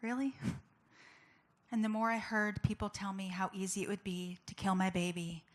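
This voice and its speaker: A woman's voice: mid-range voice, steady tone, moderate pace. A woman giving a personal testimony as a public speaker, telling her story candidly and conversationally with many casual fillers.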